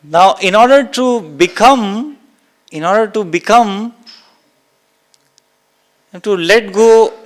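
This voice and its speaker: Slow and high-pitched, with frequent pauses, a man delivers a spiritual talk to people in the room and watching online. As a spiritual teacher, he stresses his words, repeats important phrases, and dramatizes exclamations.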